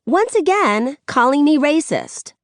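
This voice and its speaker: A woman voicing an indignant, defensive teenage girl in an audiobook, her lines rising high and accusing. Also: very animated, unhurried, no room sound, clean studio sound, full character voice. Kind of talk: audiobook narration.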